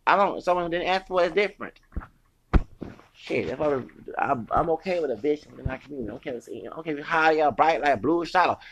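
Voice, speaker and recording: An angry man rants on his own podcast, cursing and rambling as he trips over restarts. His voice sits a little high and carries a gravelly rasp. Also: expressive, fairly quick, background noise. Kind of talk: heated solo rant.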